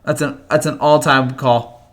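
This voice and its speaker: A man in his twenties hosts a casual livestream, reading viewer comments and chatting with them in a rambling way full of fillers and stammered restarts. His mid-range voice has fairly even intonation and a slightly slow pace.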